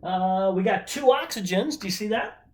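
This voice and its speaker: A woman's voice: mid-range voice, lively intonation, moderate pace. A woman teaching a chemistry lesson remotely in a chatty way, with joking asides while she counts aloud. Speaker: chemistry instructor. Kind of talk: casual remote lecture.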